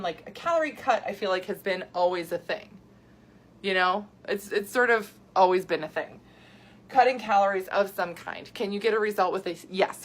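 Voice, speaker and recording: Chatty woman host reacting to viewers. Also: mid-range voice. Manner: animated, chatty, reacts excitedly to viewer comments. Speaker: health coach and podcast host. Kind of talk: casual live video chat with viewers.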